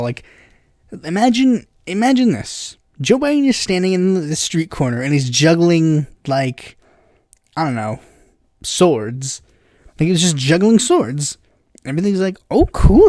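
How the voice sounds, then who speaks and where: A man's voice: high voice, darkish tone, dry recording, studio quality. A man hosting a casual political commentary podcast, rambling with lots of fillers and bursts of exasperated impressions.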